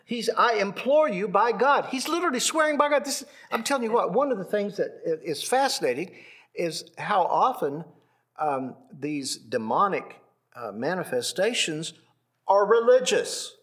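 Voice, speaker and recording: A man's voice: sits high, very animated, moderate pace, slightly rough. A man leading a Bible class, teaching animatedly with many restarts and repeats.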